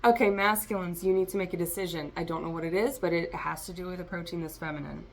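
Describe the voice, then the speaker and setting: A woman's voice: fairly low pitch, steady tone, fast. A woman giving a rambling, free-associating tarot reading for a vlog, talking straight to her listeners. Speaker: tarot reader.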